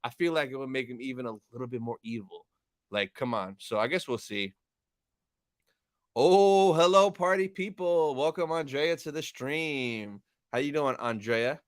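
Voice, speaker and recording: A man's voice: mid-range voice, normal speed, a bit bright, no room sound, clean studio sound. A young man hosting a live stream, casually chatting with viewers, reading chat aloud and thanking them.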